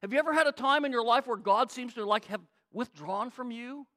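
A pastor preaching a sermon, emphatic, repeating key phrases and swinging between quiet reflection and loud pleading. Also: male voice, very high voice, fast talker.

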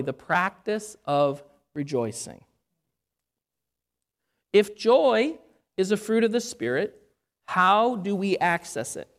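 A woman preaching a sermon in an earnest, measured way, asking rhetorical questions. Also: lowish voice.

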